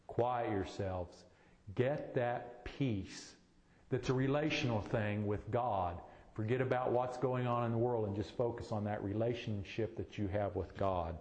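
A man's voice: on the low side, measured pace, a little mellow, echoey room, long reverb tail. A man preaching a sermon, exhorting with repeated short commands in a church.

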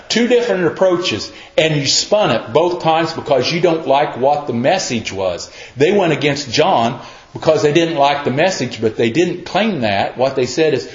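A man's voice: on the high side, expressive, normal speed. Folksy man preaching in a roomy hall. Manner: folksy, repeats himself, acts out quotes. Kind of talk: conversational Bible teaching. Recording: roomy, slightly dull sound.

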